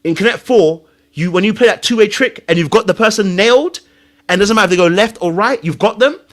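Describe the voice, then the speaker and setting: A man hosting a reality-show reaction video, talking excitedly, laughing and breaking into imitations as he comments. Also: high voice, fast. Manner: excitable, laughs, mimics voices mid-sentence.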